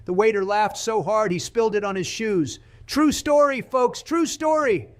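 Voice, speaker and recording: A man's voice: high voice, normal speed, a little hiss or hum, natural voice. A man putting on a boastful, blustering male politician impression, bragging and throwing insults while playing a game. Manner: bragging, insulting, repetitive superlatives. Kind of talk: comedic gameplay voice impression.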